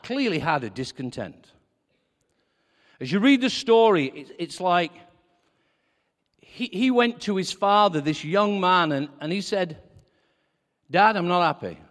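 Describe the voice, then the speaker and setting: A man preaching a sermon with a high, lively voice that leaps up and down as he acts out little dialogues. His talk is chatty and personal, and the sound rings with the long reverb of a big hall. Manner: lively, conversational, acts out quotes.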